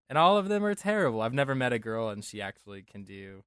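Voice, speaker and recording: A young podcast co-host from Denver, USA talks fast with few pauses in a clear, resonant, medium-pitched voice. Jokey and rambling, he keeps correcting himself during the casual chat, recorded at studio quality with no echo.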